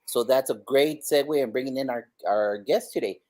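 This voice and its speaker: A man co-hosting a live leadership podcast, energetic and exclaiming, swinging between loud bursts and quiet asides. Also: mid-range voice, moderate pace. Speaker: podcast co-host. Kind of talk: upbeat live-stream opening. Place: home in Texas.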